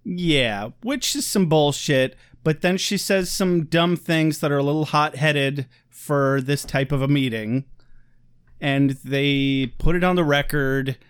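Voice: medium pitch, clear, resonant tone, no room sound, clean studio sound. A podcast co-host recapping a TV episode in casual, joking chat. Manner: joking, playful, quick to laugh.

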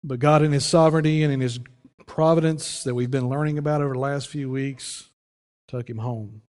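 A pastor telling a story in a folksy, conversational sermon, with frequent restarts. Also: male voice, medium pitch, steady tone, fairly quick, darkish tone. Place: church sanctuary. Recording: long church reverb.

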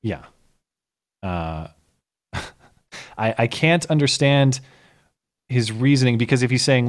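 A man hosting a podcast, explaining his point at length in an argumentative, conversational way. His voice sits at a typical male pitch, neither high nor low. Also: lively intonation, slow, long pauses. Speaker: podcast host. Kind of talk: casual political commentary.

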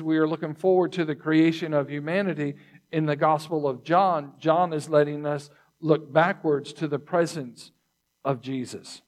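Man giving a sermon, slow and deliberate, fairly high voice, repeats phrases, clears throat. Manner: throat clearing between points. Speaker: pastor.

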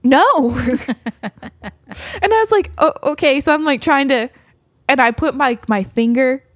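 A woman with a fairly high voice tells a story in casual chat, bubbly and quick to laugh as she acts out the quotes. The sound is dry and close, with no room echo. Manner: animated, laughing often, acting out quotes.

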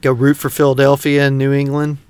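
A man's voice: mid-range voice, brisk, clear, resonant tone, dry recording. A middle-aged man from North Texas, a podcast co-host rambling in casual, profane chat. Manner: rambling, heavy swearing, animated.

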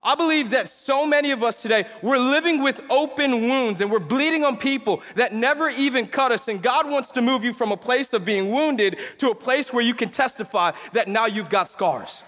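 A young male pastor with a very high voice preaches in a church sanctuary, with his words trailing into a long hall reverb. He tells stories in relaxed slang, then drives his points home with emphatic, animated preaching. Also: moderate pace, few pauses. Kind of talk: sermon.

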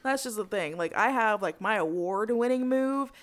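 A woman's voice: medium pitch, expressive, moderate pace. A woman co-hosting a casual chat, telling stories candidly and laughing often.

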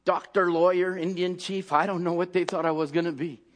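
A man preaching an impassioned sermon, acting out scenes and shouting at the peaks. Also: high voice, fairly even intonation, fairly quick.

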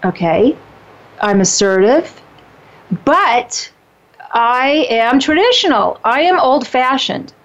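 A woman in her fifties talking casually about dating and relationships, animated and emphatic, often restarting her sentences. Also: high-pitched, slow pace, long pauses. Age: 50s. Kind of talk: casual conversation. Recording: dull lo-fi sound.

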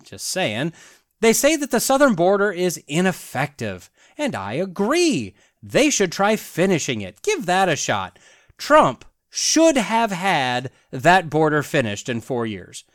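A man's voice: a little high, huge pitch swings, measured pace, a bit bright, dry recording, clean studio sound. A man hosting a podcast, delivering a sarcastic political commentary monologue full of wry asides. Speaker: podcast host.

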